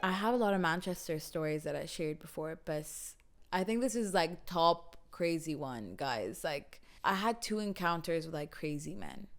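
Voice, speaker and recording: Young woman w telling stories, fairly low voice, chatty, faint music under it. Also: normal speed. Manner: chatty, mixes English with Gulf Arabic, laughs often. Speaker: podcast host. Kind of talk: casual storytelling.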